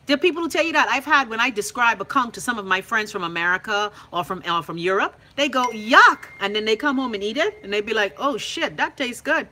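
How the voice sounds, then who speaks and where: A young Bahamian woman hosts a loud, casual live call-in show, reading out viewer comments and teasing people by name. Her voice is fairly high and sharp, animated and fast, with few pauses, and she's brash and profane.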